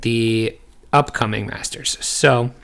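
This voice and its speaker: A man's voice: mid-range voice, fairly even intonation, slow, gravelly, fairly bright tone. A man co-hosting a podcast, chatting casually with crude, joking banter. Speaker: podcast co-host. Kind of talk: casual chat.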